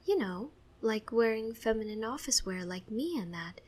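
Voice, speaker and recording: A woman's voice: on the high side, expressive, normal speed, darkish tone, husky. A woman voicing a loving, emotional mother who speaks in a tender, tearful way.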